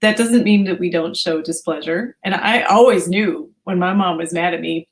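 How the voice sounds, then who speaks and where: A middle-aged woman co-hosting a parenting show, chatting casually in a measured way with dry humor. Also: fairly low pitch, rough recording. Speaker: parenting magazine co-host. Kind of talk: casual chat.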